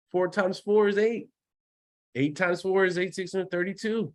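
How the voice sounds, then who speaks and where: Rich: A male trainer revving up an online audience like a preacher, swinging between sudden shouts and quick asides. His voice sits a little high for a man, and he begs the crowd for hallelujahs and amens. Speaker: network marketing trainer. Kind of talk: live online sales training.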